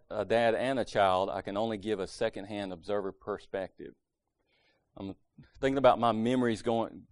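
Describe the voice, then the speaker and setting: A man's voice: low-pitched, a little mellow, no echo. A middle-aged man, telling family stories in a folksy, rambling way and acting out quotes now and then. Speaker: father sharing family stories. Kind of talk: casual storytelling monologue.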